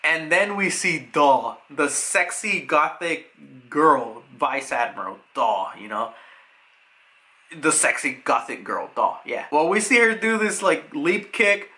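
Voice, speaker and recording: A young man talks through a manga chapter in a rambling, casual way. His voice sits a bit high and sounds bright and sharp. He keeps jumping into excited paraphrases of the characters. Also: slow pace. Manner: loose, rambling retelling with many fillers, jumping into excited paraphrased lines. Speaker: manga reviewer. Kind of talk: casual recap and commentary.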